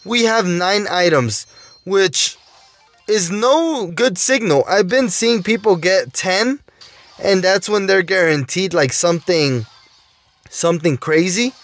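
High-voiced man pleading over loot boxes. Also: lively intonation, slow pace, fairly bright tone, faint music behind. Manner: pleading, keeps saying "guys" and "oh my dude". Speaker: mobile gaming YouTuber. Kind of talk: gameplay commentary while opening loot boxes.

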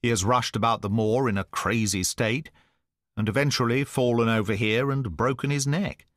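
A man reading the part of a sharp-minded male detective in an audiobook, speaking in crisp, urgent deductions. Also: mid-range voice, normal speed, dry recording, clean studio sound, lightly acted. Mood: cool.

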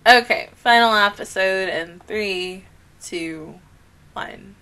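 A woman's voice: mid-range voice, slow, bright, forceful tone, slight background noise. A woman hosting an anime reaction video, talking emotionally and effusively, full of "like" and swearing.

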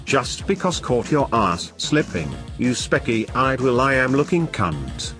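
A man's voice: mid-range voice, very animated, slow, over music. A man in a scripted comedy sketch, ranting and boasting with constant swearing. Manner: foul-mouthed, ranting, boastful. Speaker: comedic host playing an angry game collector.

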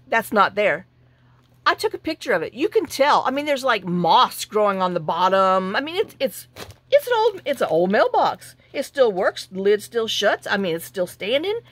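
In a casual journaling vlog, a woman with a fairly bright, high-leaning voice and no room sound tells a long, indignant story. She's chatty, restarts often and acts out quoted dialogue.

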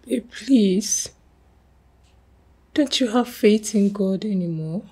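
A woman's voice: medium pitch, measured pace, slightly rough. An actress with a Nigerian accent playing a young woman who pleads with her boyfriend and turns outraged at his insult. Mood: pleading. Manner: pleading softly, then outraged. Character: young woman, loving girlfriend, hurt and fiery. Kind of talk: film drama acting.

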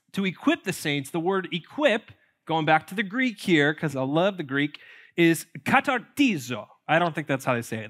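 A pastor preaching a sermon in a church, conversational and playful, with jokes and asides to the congregation. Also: male voice, high-pitched, a bit bright. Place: church sanctuary.

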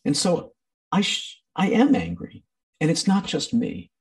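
A man's voice: on the high side, wildly swooping pitch, a little slow, far from the mic. A man teaching a training session in a conversational way, with many ums and acted-out quotes. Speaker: workshop presenter.

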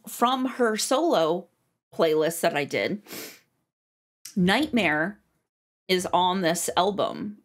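Slow-talking excitable woman reacting. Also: lowish voice. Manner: excitable, exclaims and swears in surprise. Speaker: music reaction host. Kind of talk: casual reaction commentary. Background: faint music playing.

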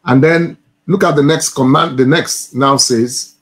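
A man's voice: medium pitch, fairly even intonation, unhurried, fairly bright tone. A male church minister teaching from the Bible, stressing points by repeating phrases and now and then addressing someone as sir.

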